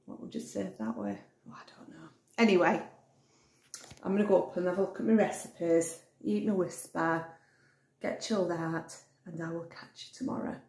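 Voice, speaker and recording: A woman's voice: lowish voice, gravelly, a little mellow. A woman vlogging casually at home, rambling and thinking aloud as she interrupts herself. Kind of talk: casual chatty vlog. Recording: echoey room.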